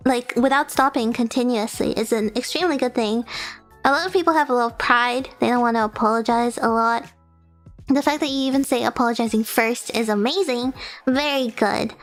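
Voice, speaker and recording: Bubbly high-voiced young woman streamer. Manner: bubbly, giggly, gushing with praise. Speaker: VTuber streamer. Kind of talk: casual livestream chat reading submissions.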